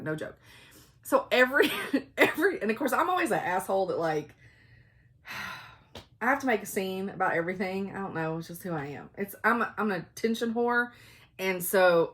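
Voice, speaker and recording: A middle-aged woman, telling stories in a loud, chatty vlog and laughing often. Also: mid-range voice. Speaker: cross-stitch vlogger. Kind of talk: casual storytelling chat.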